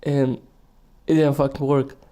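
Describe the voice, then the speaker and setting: Rambling, profane man with a mellow voice. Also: medium pitch, little pitch movement, a little slow. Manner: profane, meandering, laughs at himself. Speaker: podcast host. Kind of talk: casual solo podcast rambling.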